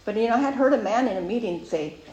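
A woman giving a personal recovery testimony, telling her story in a lively way and acting out her past thoughts. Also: fairly high pitch, fast talker, muffled recording. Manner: animated storyteller who acts out her own past thoughts. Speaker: speaker sharing a recovery story. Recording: roomy sound with faint ambience.

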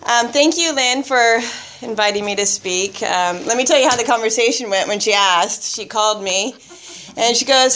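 A woman shares her personal story before a live audience in a somewhat high voice. She sounds nervous and chatty and often laughs at herself. A faint hiss sits under the recording. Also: normal speed, fairly bright tone. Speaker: guest speaker at a recovery meeting.

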